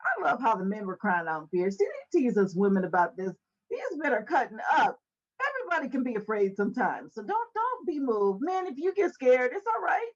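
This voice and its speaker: A woman hosting a Bible study podcast, telling stories in a casual, animated way, acting out quoted voices and laughing often, on an indoor set. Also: a little high, brisk, dull audio. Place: indoor set with a fireplace backdrop.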